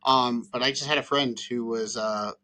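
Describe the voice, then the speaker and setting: A man from the Northeast US chats on a podcast in a teasing, talkative way. His voice is bright and forceful, with a middle pitch. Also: fairly even intonation, normal speed. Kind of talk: casual chat.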